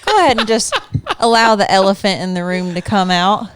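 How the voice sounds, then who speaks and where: A woman guest on a podcast in casual chat, teasing and animated as she tells a story into a studio microphone. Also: mid-range voice, a little fast, noisy background.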